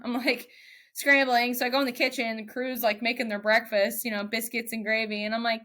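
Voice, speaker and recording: A young woman, a mechanic guest on a podcast, telling a story casually and lively, quoting others in raised voices. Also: fairly high pitch, fairly quick.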